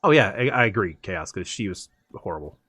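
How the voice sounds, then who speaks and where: Streamer, male, rambling casual chat, mid-pitched voice, dry close mic. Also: sing-song, a little fast, fairly bright tone, slightly rough, no room sound. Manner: rambling, chatty, laughs often. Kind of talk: casual chat while gaming.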